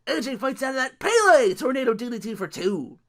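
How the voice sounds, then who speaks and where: A man hosting a podcast, recapping wrestling matches in a casual, animated play-by-play, laughing often and swearing freely. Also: extremely high pitch, a little fast. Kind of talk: casual solo recap with impressions.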